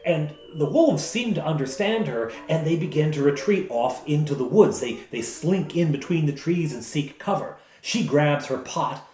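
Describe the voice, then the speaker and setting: A man who is the game master, recounting a tabletop game session as an animated storyteller. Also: fairly high pitch, normal speed, hardly any pauses. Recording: echoey room.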